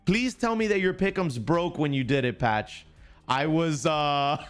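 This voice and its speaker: A man with a slightly high voice hosts a live stream in a loose, joking way. He greets chatters by name and teases them while walking through a picks contest, with faint music playing underneath. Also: big pitch swings, a little slow. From United States. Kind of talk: casual live-stream chat.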